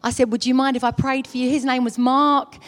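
A woman's voice: high voice, little pitch movement, a little fast. A woman giving a chatty, earnest personal testimony in church, with many fillers. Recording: long hall reverb.

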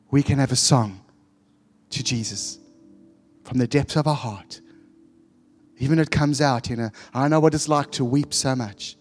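A man's voice: medium pitch, darkish tone. A man preaching as a pastor, encouraging and exhorting the congregation. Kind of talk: sermon. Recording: long hall reverb with faint music.

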